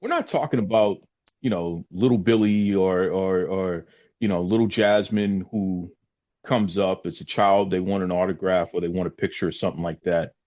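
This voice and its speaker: A man hosting a podcast who talks earnestly in casual chat, lecturing his point and jumping high when he mocks someone. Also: moderate pace, darkish tone. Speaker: podcast host. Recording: dull lo-fi audio.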